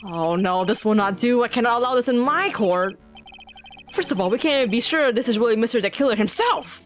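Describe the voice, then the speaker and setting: A woman's voice: fairly high pitch, expressive, a little fast, soft background music, natural voice. A woman reading the lines of a fussy, easily flustered older male judge from a courtroom game. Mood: indignant.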